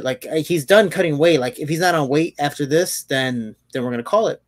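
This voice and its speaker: Animated, fairly high-voiced man telling stories. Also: moderate pace, dry recording. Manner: animated storyteller, swears freely, many restarts. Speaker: MMA fighter and podcast host. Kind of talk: casual podcast chat.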